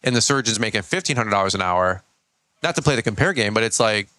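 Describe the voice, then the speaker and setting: Speaking fast in a low-leaning voice with no echo, this podcast guest runs a small business in Michigan. He tells his stories with lively energy and plenty of casual slang.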